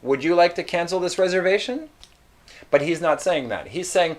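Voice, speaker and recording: A man teaching English, explaining phrases slowly and repeating example sentences. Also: sits high. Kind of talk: slow explanatory English lesson.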